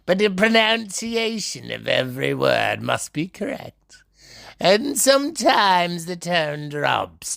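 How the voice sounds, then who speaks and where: A man performing a dramatic spoken monologue, his voice gravelly and full of fry. He talks slowly and unhurriedly, and his pitch leaps about, from bright and sing-song down to a low, sneering growl. He keeps turning to call out to listeners who aren't there. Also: sing-song. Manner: playful, addressing imagined listeners by name. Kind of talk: theatrical spoken monologue and storytelling.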